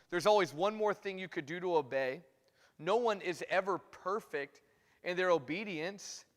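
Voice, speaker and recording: A man preaching a morning sermon, retelling a Bible story in a lively way and acting out the quoted speakers. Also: sits high. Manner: storytelling, acts out quoted voices. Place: church sanctuary. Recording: long hall reverb.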